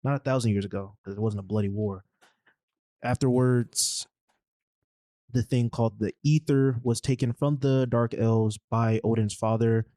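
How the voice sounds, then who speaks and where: A man's voice: medium pitch, fairly even intonation, moderate pace, warm tone, no room sound. A man co-hosting a podcast, casually retelling a movie plot in a rambling, slangy way. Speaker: podcast co-host. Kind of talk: casual movie recap chat.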